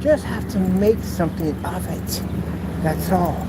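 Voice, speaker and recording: A man's voice: sits high, measured pace. A man talking casually while walking outdoors, mocking and teasing in a playful way. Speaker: vlogger. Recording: outdoor traffic noise.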